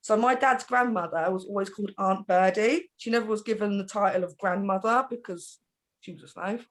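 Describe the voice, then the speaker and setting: A middle-aged woman from Britain, chatting in a group and telling family stories in an animated way, laughing often. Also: medium pitch, brisk. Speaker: panel host. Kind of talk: casual group chat.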